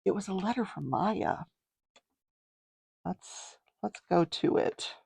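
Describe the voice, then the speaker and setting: A woman's voice: on the low side, animated, slow pace, vocal fry, darkish tone, breathy edge, dry recording. An older woman hosting a casual show, chatting her way through a trial recap and wandering off to talk about her crafts. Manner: chatty, digressive, explains legal terms plainly. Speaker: host.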